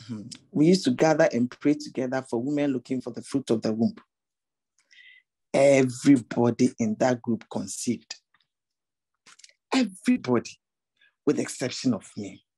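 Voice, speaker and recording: A woman preaches from her own story in a husky, breathy voice. Her tone is mellow and warm rather than bright. She speaks earnestly and keeps returning to the same searching questions for her listeners. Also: rumbling low, no echo, rough recording. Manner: earnest, repeats rhetorical questions. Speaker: women's ministry speaker. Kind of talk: personal testimony sermon.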